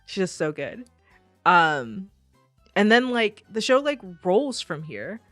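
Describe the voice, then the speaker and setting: A woman's voice: medium pitch, big pitch swings, slow pace, fairly bright tone, dry recording, soft background music. A woman co-hosting a podcast in casual chat. She talks animatedly, laughs often and acts out quotes. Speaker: podcast co-host.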